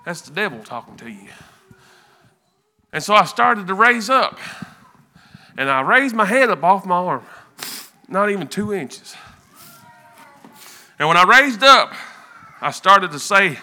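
Guy telling his church testimony, real earnest, stumbles and repeats, bright sharp voice that jumps all over. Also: sits high, sing-song. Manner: earnest, halting, repeats words. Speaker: church member giving testimony.

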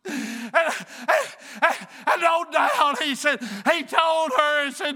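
A man preaching a fervent sermon, often breaking into shouts. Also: extremely high pitch, slow.

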